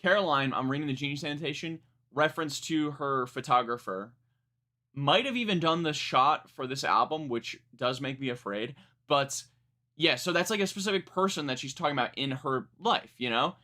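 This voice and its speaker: A young man with a bright, forward voice gives a live song reaction in casual chat. He rambles, restarts his sentences and swears freely as he picks apart the lyrics. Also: on the high side, lively intonation, moderate pace. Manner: rambling, self-correcting, frank and profane. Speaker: music reaction streamer.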